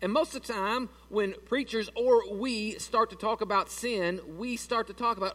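Folksy high-voiced preacher. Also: male voice, a little fast, few pauses, a bit bright, far from the mic. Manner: folksy, conversational, asks the congregation questions. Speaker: pastor. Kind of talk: sermon.

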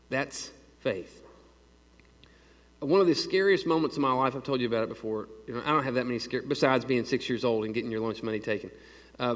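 Male pastor, mid-pitched, folksy storytelling sermon with questions to the crowd, long hall reverb. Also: fairly bright tone. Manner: folksy, asks the crowd questions, quick asides.

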